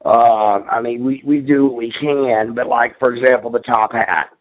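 A man at a mid pitch tells long, rambling stories from his career as a former pro wrestler, tripping over and repeating his words. His voice comes through a narrow, tinny phone-like radio line. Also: fairly even intonation, moderate pace. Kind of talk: casual storytelling in an interview.

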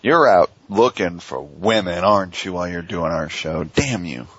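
A man's voice: deep voice, normal speed, slightly rough, dry recording, dull audio. A man hosting a casual wrestling talk show, asking rambling questions full of fillers. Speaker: podcast host.

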